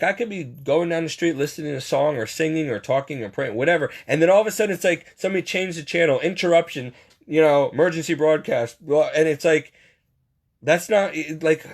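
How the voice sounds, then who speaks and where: A man's voice: a little high, breathy edge. A man giving a casual, rambling faith monologue, poking fun at himself and chuckling as he talks. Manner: rambling, self-mocking storyteller; frequent chuckles.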